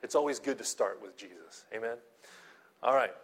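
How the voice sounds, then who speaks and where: A male pastor delivers a sermon conversationally, speaking in a lowish, slightly breathy voice at a moderate pace. He keeps checking in with his listeners using "okay?" and "right?", repeats and restarts words, and laughs lightly as he goes.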